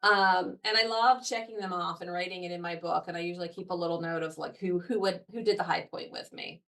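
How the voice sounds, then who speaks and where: A woman's voice: on the low side, fairly even intonation, fairly quick, gravelly, fairly bright tone, recorded from a distance. A woman representing a parks foundation as an interview guest, talking eagerly and at length with frequent fillers. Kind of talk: enthusiastic podcast conversation.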